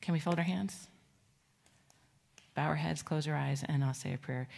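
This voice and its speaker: A middle-aged woman pastor giving a children's sermon in a church, gentle and conversational, asking the children questions. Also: low voice, moderate pace, gravelly, long pauses. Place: church sanctuary.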